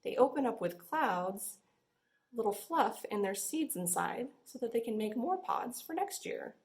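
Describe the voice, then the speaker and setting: A woman's voice: fairly high pitch, animated, a little slow, darkish tone. Bubbly woman librarian in echoey room. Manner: bubbly, sing-song, exaggerated. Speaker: children's librarian. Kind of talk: storytime for young children.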